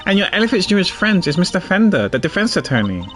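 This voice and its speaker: Man playing a smarmy flirtatious lawyer, smooth, slightly lowered. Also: very animated, quick pace, fairly bright tone, soft background music. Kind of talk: voicing game dialogue.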